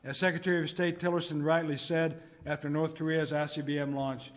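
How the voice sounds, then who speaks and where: A middle-aged military commander gives a formal address, his delivery measured and deliberate, each point stressed with emphasis. His voice sits a little higher than most men's. The sound carries the long reverb of a large conference hall. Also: level tone. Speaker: military commander giving a speech. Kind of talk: formal prepared speech.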